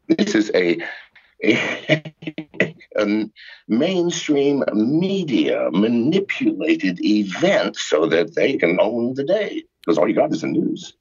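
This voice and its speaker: An older man rants with profane exasperation, his husky voice swooping up and down. The line is muffled and lo-fi. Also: mid-range voice. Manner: profane, exasperated ranting with sarcastic jokes. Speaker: podcast guest. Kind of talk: ranting call-in interview.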